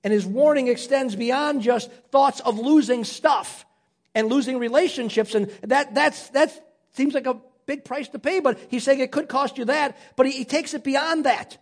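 A male pastor preaching an earnest sermon, slowing down and dropping low when reading scripture.

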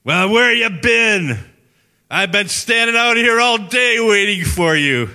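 A man in a sermon acting out an indignant old man who shouts at a stranger, loud and drawn out. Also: sits high, lively intonation, pitched above the performer's own voice, exaggerated voice. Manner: screaming, indignant, slow and loud.

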